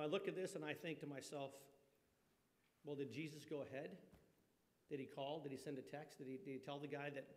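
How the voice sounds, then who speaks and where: A man's voice: fairly high pitch, darkish tone. A man preaching a conversational sermon, folksy, often asking his congregation questions. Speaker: pastor. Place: church sanctuary. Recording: long reverb of a church hall.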